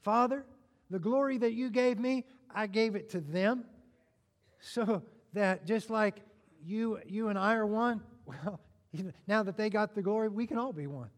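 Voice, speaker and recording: Man, preacher, sermon, high voice, animated, joking asides, long hall echo. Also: measured pace.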